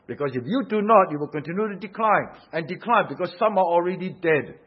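Emphatic preacher, husky slightly high voice. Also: male voice, lively intonation, fast talker, few pauses. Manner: emphatic, rhetorical questions, rising and falling force. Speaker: pastor. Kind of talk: sermon. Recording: dull lo-fi sound.

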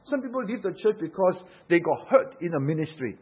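Emphatic preacher, husky slightly high voice. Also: male voice, sing-song, fairly quick. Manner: emphatic, rhetorical questions, rising and falling force. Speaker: pastor. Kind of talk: sermon. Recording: dull lo-fi sound.

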